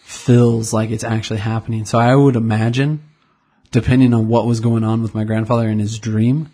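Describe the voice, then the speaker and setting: A man with a low, husky voice, in his thirties, chatting on a podcast and spinning a rambling anecdote. He chuckles often and keeps the tone loose and casual. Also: little pitch movement, fairly quick, dark tone. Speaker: podcast co-host. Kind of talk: casual chat.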